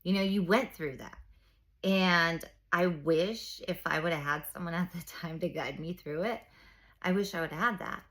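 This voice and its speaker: A woman's voice: lowish voice, moderate pace, fairly bright tone. A woman in her forties talking openly about her own struggles and coaching other moms, an emphatic storyteller who acts out what people said. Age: 40s. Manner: open, emphatic storyteller, many fillers, acts out quoted speech. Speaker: mom coaching women through reinvention. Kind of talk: candid personal talk.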